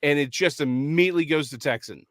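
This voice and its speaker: A man's voice: fairly high pitch, fast talker, no room sound, clean studio sound. A man as a podcast guest, joking and laughing about himself in casual banter. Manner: animated, self-mocking, laughing.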